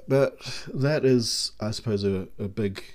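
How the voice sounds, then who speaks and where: A man's voice: fairly low pitch, measured pace, darkish tone. A man, rambling in a self-deprecating casual monologue.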